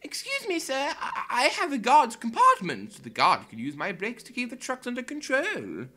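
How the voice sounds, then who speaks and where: A man's voice: extremely high pitch, huge pitch swings, moderate pace, voice pushed up, full character voice. Clarabel, a man doing a prim coach lady. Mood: polite. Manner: earnest, polite. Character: gentle female passenger coach, proud and hurt. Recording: loud music under the voice.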